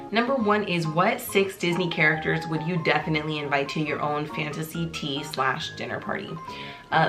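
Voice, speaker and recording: A woman hosting her own video in a bubbly, jokey casual chat, full of little fillers. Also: deep voice. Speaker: YouTuber host. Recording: clear background music under the voice. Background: music playing in the background.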